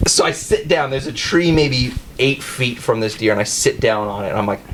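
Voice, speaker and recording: A man telling a hunting story in casual chat, animated and laughing often as he acts out what people said. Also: mid-range voice, normal speed, background noise.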